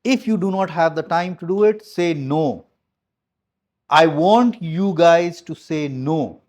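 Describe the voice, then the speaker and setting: A man's voice: on the high side, slow pace, darkish tone. Blunt, emphatic man giving a team talk. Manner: emphatic, repeats key phrases, blunt with mild swearing. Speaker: business coach addressing his team.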